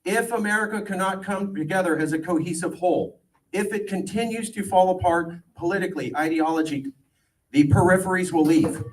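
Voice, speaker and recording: A man in his forties from California speaks to a gathered crowd in a lively, sarcastic way, joking as he argues his case. His voice sits a little high for a man. He is picked up from a few steps away from the microphone. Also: brisk. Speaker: political campaigner speaking to a crowd. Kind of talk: informal political speech. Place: event gathering. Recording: voice distant from the mic.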